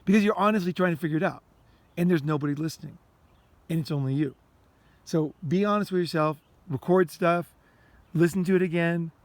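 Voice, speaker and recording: A man's voice: a little high, a little fast, long pauses, no room sound. A man hosting a self-help podcast in a loose, rambling, casual monologue, swearing often and repeating himself, recorded outdoors while walking. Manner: loose, repetitive, swears often, acts out inner rants.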